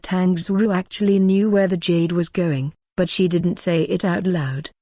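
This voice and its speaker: A woman narrating a web novel in an even, steady reading style, reading chapter headers word for word. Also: on the low side, a little slow, dry recording, studio quality. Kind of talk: scripted audio novel narration.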